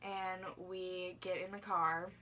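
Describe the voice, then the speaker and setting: A young woman chats through a personal story for her vlog, leaning on fillers and playing out old conversations. Her voice sits a little low but has a bright, forceful edge. She is slightly back from the mic, with a faint hiss behind her. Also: little pitch movement, slow, distant mic. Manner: chatty, lots of "like" fillers, acts out her younger self. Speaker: vlogger.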